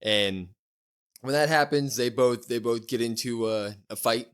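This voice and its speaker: Lively man recapping a show. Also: medium pitch, unhurried, clear, resonant tone. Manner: animated play-by-play storytelling with loose slang. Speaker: podcast co-host. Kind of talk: casual chat recapping a wrestling show.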